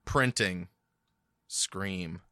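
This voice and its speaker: A man talking casually on a podcast, walking through a film's plot and often stopping to restart his sentences. His voice is very bright and clean. The sound is dry and close. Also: low voice, no room sound. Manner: halting, restarts while retelling scenes. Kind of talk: casual podcast chat recapping a movie.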